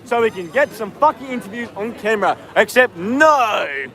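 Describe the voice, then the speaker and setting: An Australian man livestreaming from a city street, talking loudly, swearing and rallying his viewers. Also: high-pitched, lively intonation, moderate pace, a faint crowd. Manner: loud, profane, rallying. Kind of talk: live street stream.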